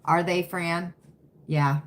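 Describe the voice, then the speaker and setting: A woman's voice: on the low side, steady tone, slow pace, slight background noise. A woman hosting a live stream, chatting folksily with viewers and answering their comments by name. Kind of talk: casual chat with live viewers.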